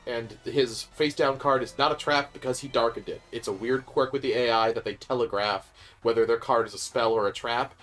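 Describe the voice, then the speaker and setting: A man's voice: medium pitch, steady tone, a little fast, fairly bright tone, faint music behind. Coaching Midwestern man. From American Midwest. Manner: coaching, explanatory. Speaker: co-host guiding the game. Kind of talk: casual gaming chat.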